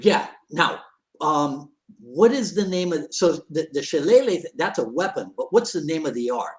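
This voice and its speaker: A man hosting a casual conversation over a video call, his voice sitting a little above the usual male pitch. He asks curious questions, often stumbling and restarting before he gets to the point. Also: lively intonation, moderate pace. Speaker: podcast host. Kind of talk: casual chat.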